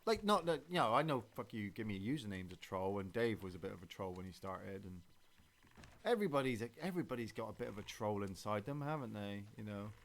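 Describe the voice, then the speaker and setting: A man's voice: fairly low pitch, expressive, fairly quick, gravelly, fairly bright tone. A man hosting a gameplay stream, talking casually and rambling, with many fillers and restarts. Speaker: streamer and podcast host.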